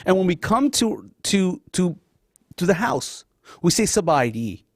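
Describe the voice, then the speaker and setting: A man's voice: high voice, expressive, a little slow, no room sound, studio quality. A middle-aged man, born in Laos and a Lao speaker, hosting a talk show and giving a passionate, emotional personal monologue straight to his audience. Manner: passionate, addresses audience as guys.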